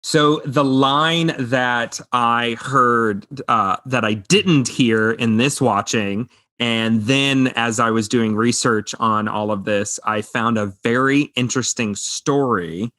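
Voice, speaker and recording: A man's voice: medium pitch, takes it slowly, few pauses, bright, forceful tone, dry recording, studio quality. A man co-hosting a casual movie podcast, eagerly quoting favorite film lines. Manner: enthusiastic, quotes film lines. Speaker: podcast co-host. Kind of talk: casual movie review chat.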